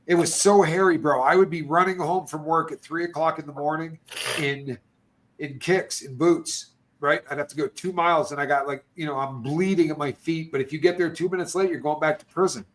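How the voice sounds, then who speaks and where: Man, middle-aged, slightly high voice, lively storyteller, casual chat, voices others in his stories. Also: brisk. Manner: animated storyteller, acts out other people's lines. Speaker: podcast guest.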